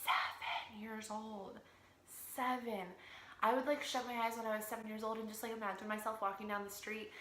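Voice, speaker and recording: A young woman vlogging to her followers in a loose, chatty, expressive way. Her voice is bright and forward. The room lends a noticeable echo. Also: on the high side, very fast, hardly any pauses, a little hiss or hum. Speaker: vlogger and fitness coach. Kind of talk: casual vlog to camera. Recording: roomy echo.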